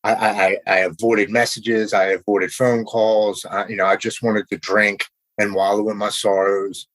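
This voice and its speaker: A middle-aged American man, a podcast guest, telling his recovery story in an animated way and acting out the voices of the people he quotes. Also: on the low side, normal speed, no room sound, low-quality recording.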